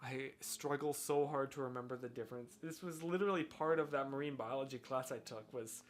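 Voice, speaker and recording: A man's voice: medium pitch, animated, moderate pace. An American man streaming live, chatting casually and thinking aloud in a rambling, self-deprecating way. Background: faint lo-fi music.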